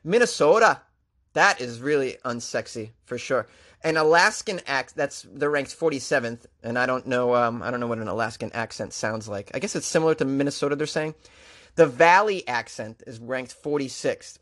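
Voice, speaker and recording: A man's voice: a little high, expressive, normal speed, fairly bright tone. A man with a Boston accent, a comedian hosting a comic news show with wry, joking asides. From Boston area.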